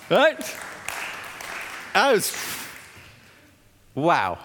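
A man, a pastor preaching a sermon with stories and emphatic repetition, slowing down when he quotes scripture. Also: on the high side, big pitch swings, a bit bright, slight background noise. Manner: anecdotal, emphatic, slows down on scripture. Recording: long reverb of a hall.

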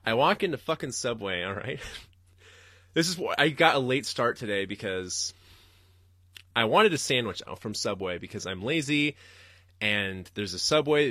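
A man's voice: mid-range voice, sharp tone, no echo, studio quality. A young man hosting a podcast, ranting and rambling solo with lots of swearing and laughter. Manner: rambling, profane, laughing ranter. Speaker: podcast host.

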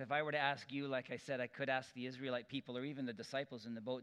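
A man preaching a sermon, telling stories and acting out the quoted voices with lively energy. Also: medium pitch, fast, hardly any pauses, smooth, long reverb tail. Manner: animated storytelling with acted-out quotes.

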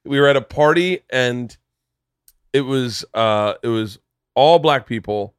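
A man's voice: medium pitch, measured pace, clear, resonant tone, no room sound, studio quality. A man hosting a podcast, telling stories in a casual, joking way, swearing freely and acting out voices. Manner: animated storyteller, swears freely, acts out voices. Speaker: podcast host. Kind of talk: casual comedic chat.

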